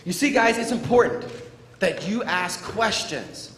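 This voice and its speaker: Motivational speaker, male, playful and high-voiced, heard in a reverberant hall. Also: expressive, measured pace, a bit bright. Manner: playful, acts out scenes for children. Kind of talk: animated school assembly talk. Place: school gym or auditorium. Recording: echoey hall, faint crowd noise.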